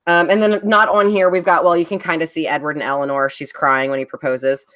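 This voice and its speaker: A woman with a somewhat low voice chats as a guest on a live stream. Her talk is loose and rambling, full of fillers. She sounds casual and unscripted. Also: level tone, fairly quick, fairly bright tone. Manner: chatty, rambling, many fillers. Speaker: guest, bag designer. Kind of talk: casual chat.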